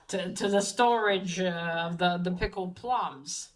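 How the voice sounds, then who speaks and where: A woman voicing a vengeful female fox demon posing as a little girl, in a quiet, flat retelling. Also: fairly low pitch, measured pace, close to an everyday voice, poor audio. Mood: menacing.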